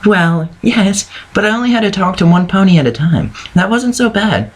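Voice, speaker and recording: Timid high-voiced pony girl, meek and stammering, as a man puts her on for a storybook reading. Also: animated, moderate pace. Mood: shy. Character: timid soft-spoken young female pony.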